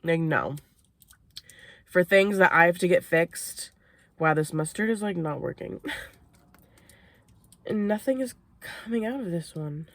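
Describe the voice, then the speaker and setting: In a parked car, a young vlogger from Maine tells a story between bites, swearing and laughing casually. Her fairly bright voice is on the low side, measured with long pauses, and there's no room sound.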